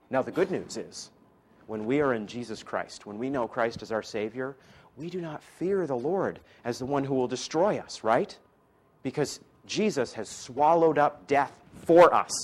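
A man preaching at a middle pitch, who rises to loud, emphatic declarations and then drops to soft, hushed asides. He talks to his listeners directly and teases them now and then. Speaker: preacher and teacher. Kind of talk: sermon to a class.

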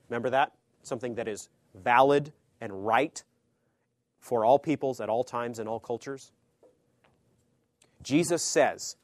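A man preaches in a mid-pitched voice, recorded dry and close with no room sound. He talks to his listeners in a conversational way and keeps checking in with them. His delivery swings between emphatic, louder lines and sudden hushed, low asides. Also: moderate pace, long pauses, dry recording. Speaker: pastor or Bible teacher. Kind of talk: sermon teaching.

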